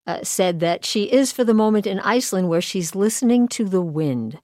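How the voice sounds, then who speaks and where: A woman's voice: medium pitch, lively intonation, normal speed, mellow, no room sound, studio quality. A woman hosting a radio interview, asking curious questions with light laughs. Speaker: radio news host. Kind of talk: broadcast interview.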